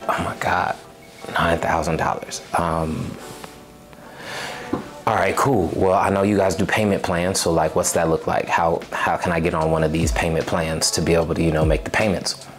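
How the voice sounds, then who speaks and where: A man's voice: low-pitched, normal speed, faint music behind. A young man telling a personal testimony, acting out his past words with rising emotion. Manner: animated retelling, acts out his own past voice. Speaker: storyteller sharing a personal testimony. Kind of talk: personal storytelling.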